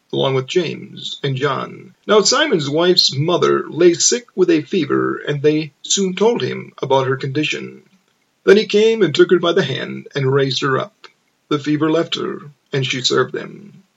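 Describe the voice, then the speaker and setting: A man reading scripture aloud as narration, slow and measured. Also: on the high side, gravelly, husky, lo-fi sound. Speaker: scripture reader.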